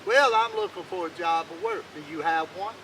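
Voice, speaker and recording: A shrewd young man talks in a plain, even way, as a male storyteller puts him on. The tone is bright and slightly high. Faint hiss hangs in the background. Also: normal speed, creaky, heavily acted, rough recording. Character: clever young man out for fair dealing.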